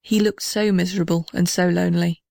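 A woman narrating a children's storybook in a clear, measured storytelling manner. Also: lowish voice, fairly even intonation, warm tone, no echo, studio quality. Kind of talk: storybook reading.

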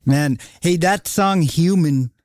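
A man's voice: on the high side, slow, darkish tone, no echo, clean studio sound. A man interviewing a musician, speaking casually and with open enthusiasm. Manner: enthusiastic, admiring.

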